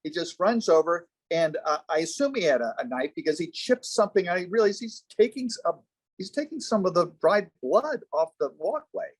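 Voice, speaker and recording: A man with a slightly high voice tells a story, pausing often as he searches for the words. He speaks as a former TV news reporter and guest, and the delivery is casual. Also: big pitch swings. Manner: halting, recollecting, pausing to find words.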